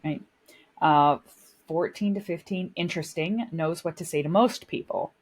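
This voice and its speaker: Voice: mid-range voice, moderate pace. A podcast co-host in casual chat, rambling and self-mocking, laughing often.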